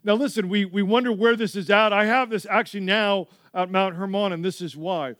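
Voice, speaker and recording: A male pastor preaching a sermon, telling stories with lively asides to the church. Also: high voice, brisk, no echo, studio quality. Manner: animated storytelling with frequent asides.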